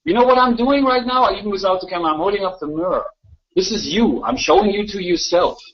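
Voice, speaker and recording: In a live voice chat room, a man with a high-pitched voice rants fast and argumentatively, repeating himself and mocking others. The audio is dull, lo-fi voice chat quality.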